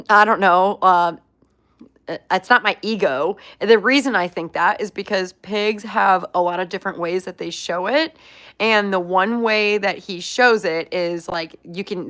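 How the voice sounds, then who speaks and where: Casting: young woman vlog host, chatty and upbeat, heavy "like" fillers, mid pitch. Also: a bit bright. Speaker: pet pig owner, channel host. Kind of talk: casual chat answering viewer questions.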